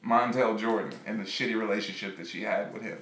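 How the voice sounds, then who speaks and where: A man streaming live, telling a rambling, animated story in casual, profane chat. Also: on the low side, quick pace, reverberant. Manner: rambling, animated, laughs often.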